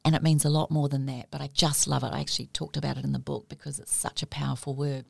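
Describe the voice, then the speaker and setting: Middle-aged New woman, low and gravelly, recorded close and dry. She tells stories in a casual conversation with lively energy, laughing often. Her speech is animated as she acts out quotes. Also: fast talker, no room sound. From New Zealand. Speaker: guest, mother.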